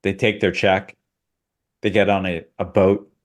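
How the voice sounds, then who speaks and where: A man's voice: deep voice, level tone, unhurried. A man co-hosting a podcast, ranting casually in a sardonic, absurdist way. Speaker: podcast co-host.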